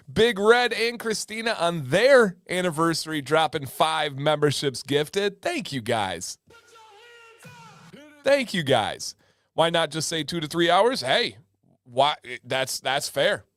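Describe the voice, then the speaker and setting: Male stream host, casual joking chat, slightly higher voice, dry close sound. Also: no room sound. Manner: laid-back, joking, repeats phrases as he reacts. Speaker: livestream host. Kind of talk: casual livestream chat reading comments.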